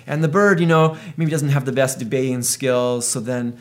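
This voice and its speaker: A man's voice: mid-range voice, normal speed. A man in his thirties thinking aloud in a reflective monologue, working through an analogy as he goes. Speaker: video host.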